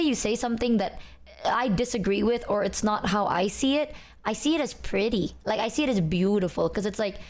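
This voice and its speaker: A young woman streamer in casual chat, talking in a relaxed, low-energy voice.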